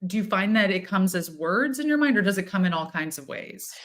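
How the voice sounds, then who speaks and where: A woman co-hosting a casual spiritual chat, telling stories with lively, acted-out quotes. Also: mid-range voice, a little fast. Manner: animated storyteller, acts out quotes. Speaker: co-host, tarot reader.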